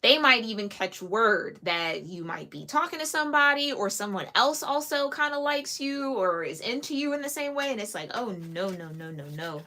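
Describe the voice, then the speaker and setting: A woman's voice: high voice, moderate pace, few pauses. Casting note: woman, solo tarot reader, casual and chatty, frequent giggles. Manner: chatty, giggly, lively asides. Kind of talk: casual tarot reading to camera.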